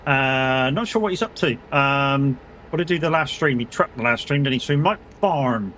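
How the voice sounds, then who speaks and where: A man's voice: mid-range voice, lively intonation, normal speed, a bit bright, a little hiss or hum. A man streaming a game live, chatting casually, swearing freely and bantering with his chat. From United Kingdom.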